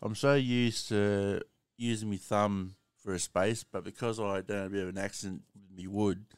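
Smooth-voiced Australian man hosting a live stream. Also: fairly low pitch, fairly even intonation, moderate pace, dry recording. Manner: swears casually, chatty. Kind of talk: casual live stream chat.

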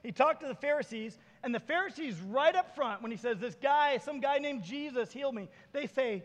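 A man's voice: very high-pitched, animated, moderate pace, few pauses. A male pastor preaching a sermon, telling stories animatedly and acting out the voices of the people in them. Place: church sanctuary. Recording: reverberant church hall.

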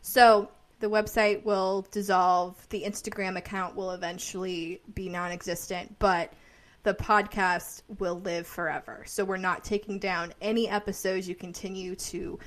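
A woman's voice: mid-range voice, level tone, unhurried. A woman co-hosting a podcast in casual chat, chatty with many fillers and frequent laughs. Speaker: podcast co-host.

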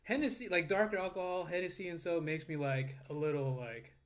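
A man's voice: on the high side, a little fast, slight background noise. A man co-hosting a casual podcast chat, loose and joking, laughing often. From United States. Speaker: podcast co-host.

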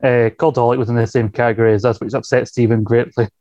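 A man's voice: medium pitch, little pitch movement, fast, mellow, no room sound. A man co-hosting a casual chat, rambling through anecdotes. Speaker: podcast co-host. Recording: slightly dull lo-fi sound.

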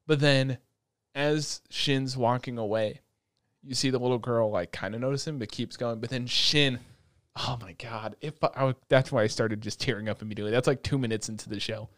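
A man hosting an anime podcast in casual chat, excitable and profane, laughing often. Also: mid-range voice, fairly quick, no echo, clean studio sound. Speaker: podcast host. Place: at home, talking over Discord.

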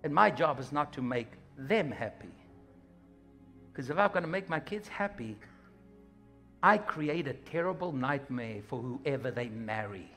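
A man preaching a sermon, animated and humorous, acting out little scenes as he goes. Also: medium pitch, measured pace, faint music behind. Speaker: pastor.

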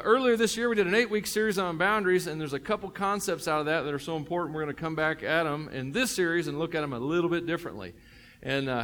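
A man's voice: fairly high pitch, fairly bright tone. A middle-aged man with a Tennessee accent, a pastor preaching a sermon in a joking, conversational way with many fillers and restarts.

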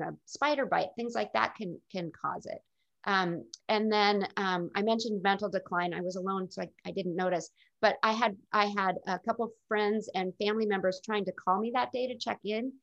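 A middle-aged woman speaks candidly and reflectively as an interview guest. Her voice has a gravelly, creaky edge. The recording is dull and lo-fi. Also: medium pitch, normal speed. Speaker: guest telling her illness story. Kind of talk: casual interview storytelling.

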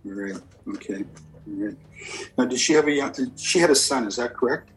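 Over low-quality audio, a man working as a medium conducts a spirit reading in an animated, medium-pitched voice at a slightly fast clip. His questions are brief yes-or-no ones, and every reply gets an "okay, perfect."

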